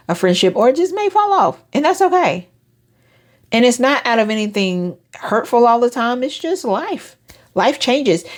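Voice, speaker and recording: A woman, hosting a casual motivational talk and acting out quoted friends in higher voices. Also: a little mellow. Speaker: host.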